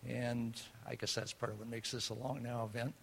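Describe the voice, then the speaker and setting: A man hosting a seminar in a relaxed, meandering way. His voice is gravelly and bright. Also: medium pitch, fairly quick. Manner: relaxed, rambling, with many fillers. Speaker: host. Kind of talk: introducing speakers.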